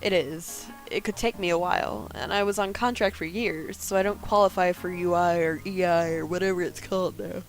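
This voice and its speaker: A woman voicing a guarded, brooding woman in her thirties, reading her first-person narration and lines quietly and dryly in a game. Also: fairly low pitch, fairly even intonation, a little fast, few pauses, faint music behind, lightly acted, low-quality recording.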